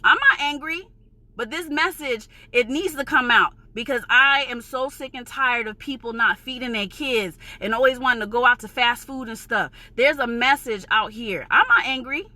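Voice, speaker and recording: A woman's voice: on the high side, moderate pace, pushed and bright, no room sound. A woman from New York with a New York accent, ranting in a vlog, heated, emphatic and profane, insisting she is passionate, not angry. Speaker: vlogger.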